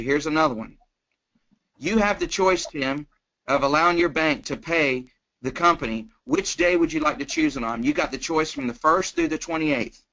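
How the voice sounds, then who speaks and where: Forceful man coaching over the phone. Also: on the high side, normal speed. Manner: energetic, keeps checking in with "okay?". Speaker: insurance sales trainer. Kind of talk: sales coaching on a conference call. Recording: muffled conference-call phone line.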